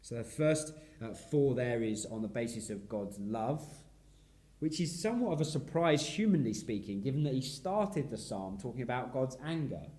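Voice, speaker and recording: A man preaching an expository sermon in a reflective way, his voice sinking softly at the ends of phrases. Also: medium pitch, lively intonation, moderate pace. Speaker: pastor.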